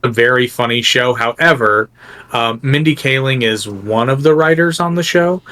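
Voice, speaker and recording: A man's voice: medium pitch, moderate pace, sharp tone. A man co-hosting a podcast in casual chat, rambling on and correcting himself as he goes.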